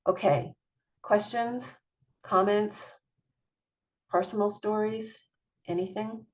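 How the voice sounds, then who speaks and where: A woman's voice: medium pitch, steady tone, slow pace, lo-fi sound. A middle-aged woman, a parent coach, giving an online masterclass in an earnest, encouraging, chatty way with small laughs.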